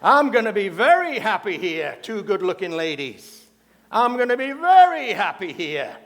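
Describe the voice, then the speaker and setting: A man's voice: high-pitched, sing-song, moderate pace, a bit bright, exaggerated voice. A man voicing a cheeky male parrot that used to live in a brothel, leering and pleased with himself. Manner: delighted, leering. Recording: long hall reverb.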